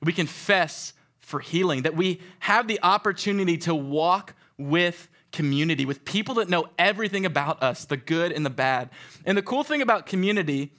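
A young man giving a sermon to a live audience in a room, talking in a casual, animated way and acting out stories. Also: a little high. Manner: animated, conversational, acts out stories. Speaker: youth speaker.

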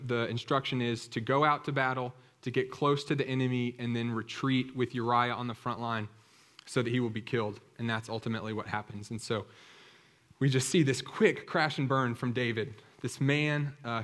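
A man preaching a sermon who retells a scripture story in a conversational, animated way. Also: mid-range voice.

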